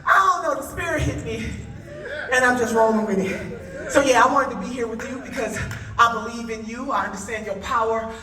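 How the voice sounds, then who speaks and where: A woman's voice: fairly high pitch, brisk, sharp tone. A woman giving an impassioned conference speech with a preacher-like cadence, folksy and rousing as she talks straight to the crowd. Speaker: conference speaker. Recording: echoey hall from a distance, with crowd and music.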